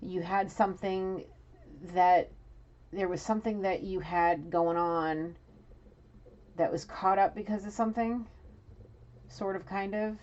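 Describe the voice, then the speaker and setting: A woman's voice: medium pitch, fairly even intonation, unhurried, pauses often, a little mellow. A woman from New City, giving a frank, scolding intuitive reading straight to an absent person. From New York City. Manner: blunt, scolding and frank, with frequent restarts. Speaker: intuitive reader. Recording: dull lo-fi audio with faint noise.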